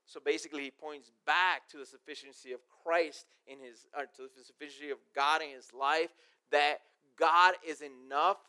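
Man, pastor, casual sermon, smooth clear voice, slightly higher pitch. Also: fairly even intonation, moderate pace, bright, forceful tone. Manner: conversational, reads verses then explains them in plain everyday terms. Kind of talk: casual sermon with scripture reading.

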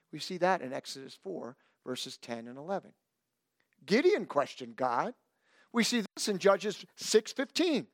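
A man's voice: fairly high pitch, unhurried, no room sound, studio quality. A male pastor preaching a sermon, reading scripture and adding playful asides. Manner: animated, playful asides, reads scripture aloud.

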